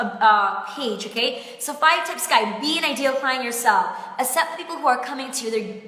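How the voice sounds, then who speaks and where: A woman coach speaks in a high, bright voice in a live-streamed coaching session. She is effusive and heartfelt, close to tears, and drops "like" into nearly every thought. Her voice carries a roomy echo with a long reverb tail. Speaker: business coach. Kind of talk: Facebook Live coaching talk. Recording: echoey room with long reverb.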